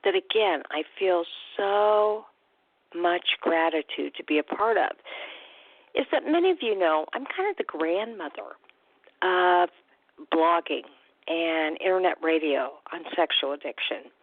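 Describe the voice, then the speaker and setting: A woman talks through a radio show as a recovery coach, chatty and upbeat, her pitch leaping and dipping as she goes. Her voice comes over a thin, phone-like line. The sound is dry, with no room around it. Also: unhurried, dry recording. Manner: chatty, lively and upbeat, with fillers. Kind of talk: radio talk-show monologue.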